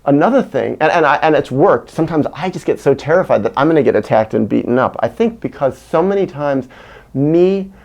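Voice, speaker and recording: Gravelly-voiced man musing candidly. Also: a little high, expressive, fairly quick, a little mellow. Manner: candid, earnest, searching for words. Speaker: vlogger. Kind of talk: reflective personal monologue.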